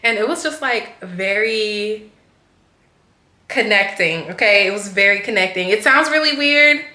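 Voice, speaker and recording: A woman's voice: mid-range voice, animated, unhurried, pushed and bright. A young woman telling a casual storytime, chatty and rambling, filling her talk with "like". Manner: chatty, rambling, heavy use of "like". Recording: echoey room.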